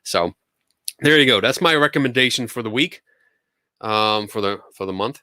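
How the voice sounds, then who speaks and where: A man's voice: medium pitch, expressive, normal speed, pauses often, pushed and bright, no room sound, clean studio sound. A man hosting a live question-and-answer stream, talking casually in an upbeat, enthusiastic way, often restarting his sentences. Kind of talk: casual livestream chat.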